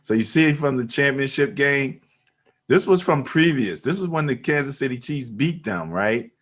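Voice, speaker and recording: Male sports-radio co-host, mid pitch, animated and playful. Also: normal speed. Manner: laughs easily, lively banter. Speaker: sports talk show co-host. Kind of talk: casual sports radio chat.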